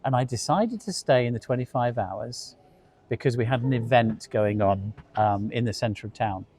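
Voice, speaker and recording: A man's voice: medium pitch, moderate pace, a little mellow, slightly rough. A middle-aged man, co-hosting a casual industry discussion and telling chatty anecdotes, sometimes repeating words as he goes. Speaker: co-host, hospitality industry expert.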